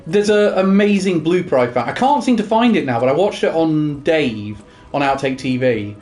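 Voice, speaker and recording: A man co-hosting a casual gaming chat, enthusiastic and quick to tell anecdotes. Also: fairly high pitch, expressive, a little mellow. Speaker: co-host. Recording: faint music behind.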